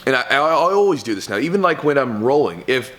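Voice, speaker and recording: A man coaching jiu-jitsu talks straight to the camera in a relaxed, rambling way. He fills his sentences with "like" and "you know" and checks in with "right?" His voice sits at an ordinary middle pitch. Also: quick pace. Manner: loose and conversational, with many fillers and "right?". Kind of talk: casual advice talk to camera.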